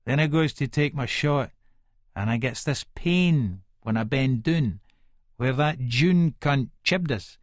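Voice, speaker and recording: A man's voice: medium pitch, animated, slow, dry recording, clean studio sound. A man with a Scottish accent playing a violent, menacing middle-aged hard man, narrating an audiobook in the first person with coarse, swearing speech.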